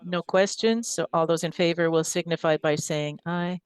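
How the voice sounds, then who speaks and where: Mayor running council business, brisk, smooth clear voice, dry room. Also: mid-range voice, fairly even intonation, no room sound. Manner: brisk procedural calls. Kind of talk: chairing a council meeting.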